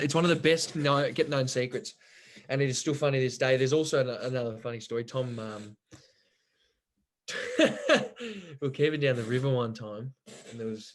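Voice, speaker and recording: A man's voice: mid-range voice, slight background noise. A young man, a podcast guest telling rambling, sweary stories and laughing along as he goes. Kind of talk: casual storytelling chat.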